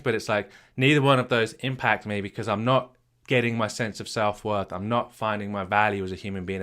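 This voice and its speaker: A man working as a marriage coach, giving an emphatic retreat workshop talk that repeats key phrases and asks rhetorical questions. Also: pushed and bright. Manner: acts out low and upbeat voices to make points.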